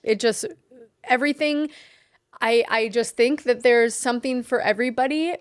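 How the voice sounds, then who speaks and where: A woman's voice: a little high, normal speed, clean tone, no echo, studio quality. A young adult woman co-hosting a podcast, chatting in an earnest, talkative way with lots of "like" and "um". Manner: chatty, earnest, says "like" and "um" often. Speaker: podcast co-host. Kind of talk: casual chat.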